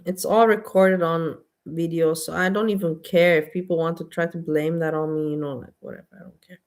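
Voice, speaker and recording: A woman's voice: deep voice, steady tone, fairly quick, few pauses. Blunt ranting woman vlogger. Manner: blunt, exasperated, repetitive. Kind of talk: casual ranting monologue.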